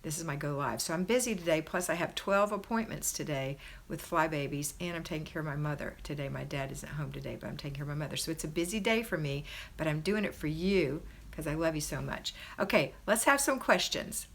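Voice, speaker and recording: A woman's voice: low-pitched, brisk, gravelly, slight background noise. A middle-aged woman hosting a homemaking live stream from a house, reading viewer comments and cheering them on. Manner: warm, encouraging, cheerleading. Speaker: host of a homemaking livestream. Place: her parents' house, indoors.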